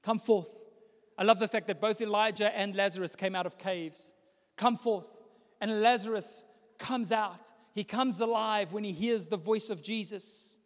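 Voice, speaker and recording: A young man preaching a sermon, building from hushed passages to loud declarations. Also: high voice, moderate pace. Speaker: pastor. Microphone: microphone. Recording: long hall reverb.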